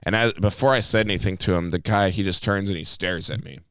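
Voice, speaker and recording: A man co-hosting a podcast, telling a profane, animated bartending story in casual chat. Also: sits low, fast talker, clean tone, no room sound.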